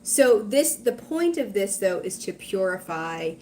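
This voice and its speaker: A woman's voice: mid-range voice, sing-song, unhurried, darkish tone, slight background noise. A woman hosting a tarot livestream, chatting casually with viewers, reassuring them and greeting them by name.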